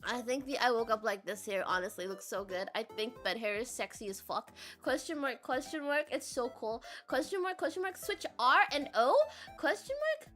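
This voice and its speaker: A young woman VTuber chatting casually with her live chat, giggly and playful with frequent loud laughter. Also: on the high side, animated, normal speed, soft background music. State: sore throat. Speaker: VTuber streamer.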